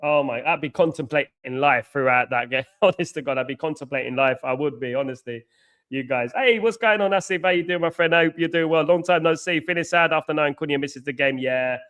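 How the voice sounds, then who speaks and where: A young man hosting a live fan watchalong, chatting with viewers and reacting loudly to the football match, swinging from groans to shouts. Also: a little high, steady tone, a little fast.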